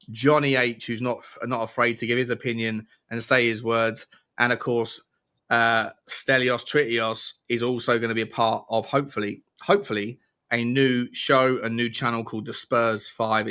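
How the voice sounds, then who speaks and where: A young man hosting a livestream, energetic and rambling with restarts. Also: medium pitch, smooth. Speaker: livestream host. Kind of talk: casual livestream chat.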